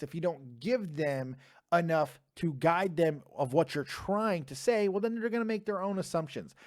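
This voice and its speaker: Brash, animated podcast host man. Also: on the high side. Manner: brash, profane, animated ranting. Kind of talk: call-in podcast chat.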